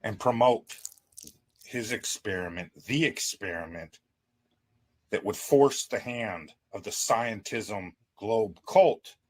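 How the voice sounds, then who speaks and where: A man's voice: on the low side, takes it slowly. A man hosting a show, talking in a sarcastic, emphatic monologue. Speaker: host. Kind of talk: monologue commentary.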